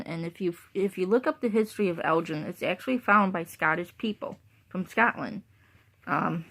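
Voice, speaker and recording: A woman's voice: on the low side, a bit bright. A woman talking casually to her viewers, rambling and repeating herself, with bursts of laughter between thoughts. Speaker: vlogger.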